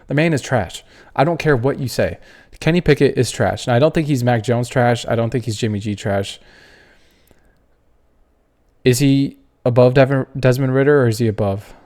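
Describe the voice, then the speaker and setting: A man's voice: medium pitch, moderate pace, darkish tone. A man hosting a casual sports tier-list video, ranting with strong opinions and the odd curse. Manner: opinionated, fired-up ranting with cursing. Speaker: podcast host.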